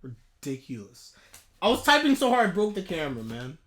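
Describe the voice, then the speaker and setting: A man ranting in a live anime reaction, heated and exasperated, with sudden loud outbursts. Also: high-pitched, huge pitch swings, fairly quick.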